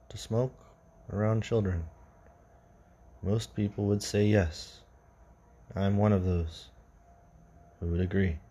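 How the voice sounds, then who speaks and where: A man hosting an unscripted podcast, reading stories and musing casually, his voice sinking low and quiet at the ends of phrases. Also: husky. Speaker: podcast host.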